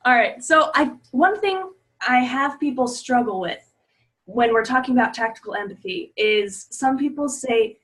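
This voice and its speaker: A woman with a slightly high voice hosting an interview. She turns to the audience to spell out ideas in plain terms. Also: expressive, normal speed, a bit bright. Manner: addresses viewers directly, explains clearly. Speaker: interview host, body language trainer.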